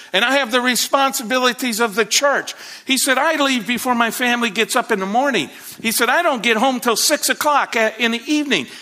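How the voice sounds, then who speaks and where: A man's voice: extremely high pitch, bright, forceful tone. A man preaching a sermon, telling a story with rising animation and frequent restarts. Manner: repeats words, frequent restarts.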